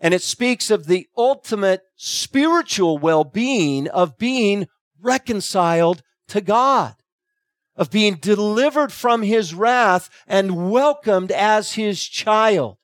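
A man with a high-pitched voice preaches an expository sermon. He talks earnestly and deliberately, drawing out his key phrases. The sound is dry and close, with no room echo. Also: animated.

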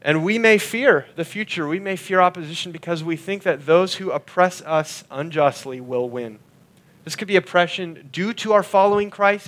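A man preaching a sermon, earnestly expounding scripture and slowing down and dropping his voice on key lines. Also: high voice, fairly bright tone. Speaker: pastor.

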